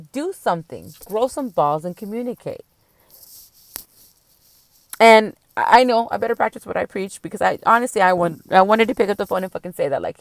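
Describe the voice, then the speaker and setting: A woman's voice: mid-range voice, animated, normal speed, long pauses, dry recording. A tipsy woman hosting her own podcast, ranting bluntly and swearing freely in a casual solo monologue. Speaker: podcast host.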